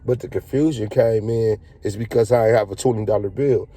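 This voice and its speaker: A man's voice: fairly low pitch, steady tone, moderate pace, dark tone, breathy edge, no echo. A man telling a casual story in a slangy, profane, laid-back way.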